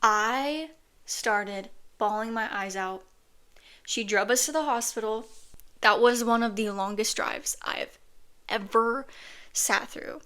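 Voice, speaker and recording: A woman's voice: a little high, takes it slowly, pushed and bright, clear, resonant tone. A woman casually telling a personal story on her podcast, chatty and earnest, with lots of "like" fillers.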